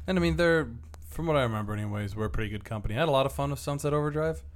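A man's voice: mid-range voice, animated, rapid-fire. A young man co-hosting a podcast, laid-back and casual, laughing often and swearing freely. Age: young adult. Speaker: podcast co-host. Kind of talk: casual chat.

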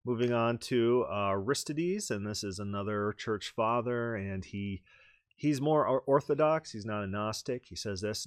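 A man with a fairly low, smooth voice hosts a teaching podcast, explaining ideas step by step at normal speed in an animated way and reading quotations aloud with rising emphasis. The sound is dry and close, with no echo or room around him.

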